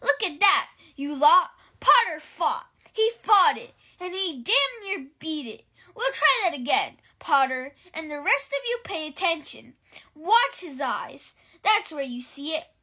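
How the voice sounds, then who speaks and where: Gruff old wizard teacher barking at the class , read by a lady, high bright voice, lively swings. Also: unhurried, heavily acted. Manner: growling, barking orders. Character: gruff, intense old male auror teacher.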